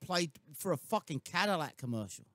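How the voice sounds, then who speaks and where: A man's voice: fairly high pitch, animated, fairly quick, a bit bright, dry recording. A man co-hosting a radio show in a studio, talking bluntly and swearing freely in casual chat. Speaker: radio co-host.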